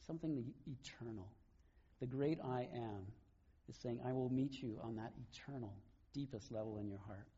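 A man's voice: mid-range voice, normal speed, dark tone, breathy edge, highs cut off. A middle-aged male pastor preaching in an earnest, conversational way. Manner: conversational, earnest, laughs between points. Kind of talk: sermon.

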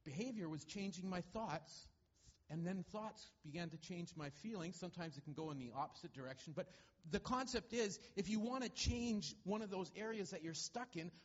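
A man's voice: high-pitched, expressive, moderate pace, lo-fi sound. A man who is a church administrator speaks to a congregation, explaining an idea through his own experience in a plain, thoughtful way. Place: church sanctuary.

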